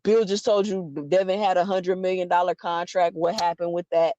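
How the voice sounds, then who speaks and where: A woman giving an opinionated boxing commentary, emphatic and full of rhetorical questions. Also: on the low side. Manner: animated, emphatic, rhetorical questions, quick restarts. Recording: dull lo-fi dry sound.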